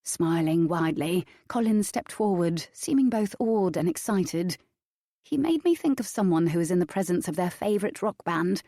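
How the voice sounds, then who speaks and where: A woman reading an audiobook in the first person with steady, even storytelling. Her voice is warm, mellow and slightly low. The recording is dry and close, with no room echo. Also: normal speed. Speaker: audiobook narrator. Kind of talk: scripted first-person narration.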